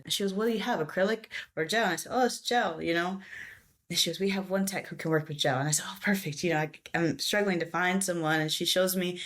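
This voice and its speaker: A young adult woman, a podcast guest, telling a story in casual chat and acting out the people she quotes. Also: fairly low pitch. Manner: animated storytelling, acts out quoted voices.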